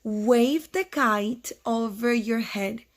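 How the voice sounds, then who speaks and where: A woman's voice: fairly high pitch, very slow. A woman voicing a hopeful, patient male frog in a storybook read-aloud, coaxing him along steadily. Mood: encouraging.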